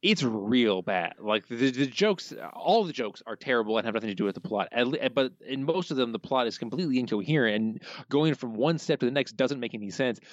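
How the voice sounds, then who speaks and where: A man's voice: mid-range voice, lively intonation, a little fast, hardly any pauses, dry recording. A man co-hosting a podcast, picking an episode apart in a dry, sardonic way. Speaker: podcast co-host. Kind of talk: casual podcast discussion. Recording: dull, lo-fi dry sound.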